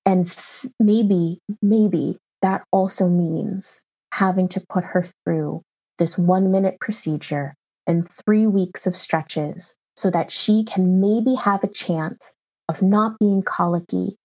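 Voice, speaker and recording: A woman in her thirties, a mother recounting a hard experience in an interview, emotional and halting with many pauses and fillers. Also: lowish voice, fairly even intonation, a little mellow. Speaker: mother telling her story. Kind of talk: personal account in an interview.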